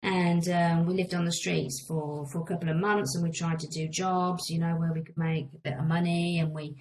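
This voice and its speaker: Frank middle-aged woman, low voice. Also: little pitch movement, normal speed, a little mellow, slight background noise, poor audio. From England. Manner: meandering, frank, with many restarts. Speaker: storyteller recounting her life. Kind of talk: candid personal storytelling.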